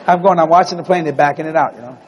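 A middle-aged male preacher telling a story in a sermon in a church, animated and breaking into loud exclamations. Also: fairly high pitch, rapid-fire, long reverb tail, muffled recording, slight background noise. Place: church building.

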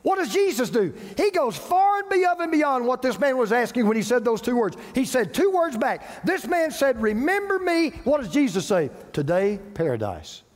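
A male pastor delivers his sermon in a high, expressive voice, repeating key phrases and letting dramatic pauses land. His voice rings out with the long reverb of a large hall. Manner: preaching with dramatic pauses and repetition.

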